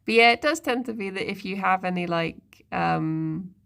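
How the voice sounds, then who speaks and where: A woman's voice: mid-range voice, moderate pace, creaky, fairly bright tone. A woman streamer in casual live-stream chat, musing aloud and talking to her viewers and pets. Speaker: livestreamer.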